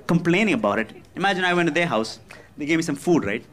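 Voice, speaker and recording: A man's voice: on the high side, expressive, quick pace, fairly bright tone. A man performing a stand-up comedy routine, ranting in an exasperated way. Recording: live comedy club with audience laughter.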